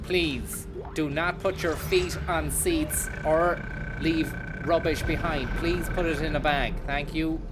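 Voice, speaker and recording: Brief: man voicing a blunt male robot, slow and mechanical, loud commands. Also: fairly high pitch, fairly even intonation, music in the background. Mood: announcing. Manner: stiff, slow robotic announcing.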